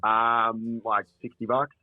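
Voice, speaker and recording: A man's voice: medium pitch, little pitch movement, slow pace, dry recording. Australian man telling stories over a tinny phone. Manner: rambling anecdotes with quoted dialogue. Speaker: comedian phoning in. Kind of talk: casual storytelling. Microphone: phone call.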